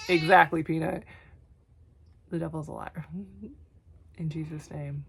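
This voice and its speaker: A young woman talking tenderly to herself on camera in a vlog, soft and often whispery, teary, her voice going hoarse. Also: sits low, little pitch movement, brisk, pauses often, slight background noise. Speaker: vlogger. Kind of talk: emotional self-talk to camera.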